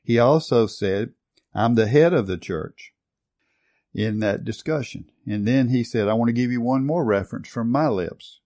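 A man's voice: mid-range voice, moderate pace, mellow. A man preaching a sermon, earnestly reading and retelling a testimony with rising emphasis.

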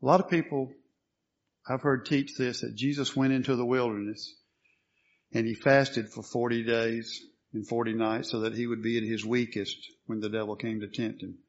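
Male preacher, mid-pitched, emphatic sermon style, asks and answers his own questions; dull lo-fi sound. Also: flat delivery, moderate pace.

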